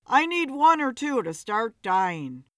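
Woman doing bitter hard-drinking guy, defensive, slow, dry mic. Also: a little high, big pitch swings, a bit bright, no room sound, full character voice. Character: self-pitying hard-drinking man, adult.

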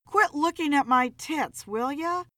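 A woman reading a story, voicing a teasing young female bartender with a lively, high voice. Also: a little slow, no echo, studio quality, heavily acted.

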